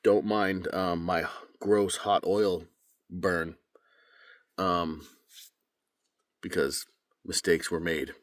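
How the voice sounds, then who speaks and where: A man's voice: low-pitched, drawn-out words, long pauses, dry recording, studio quality. A young man, a voice actor, talking casually and a little rambling, with plenty of fillers. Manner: relaxed, rambling, many fillers. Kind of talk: casual vlog talk.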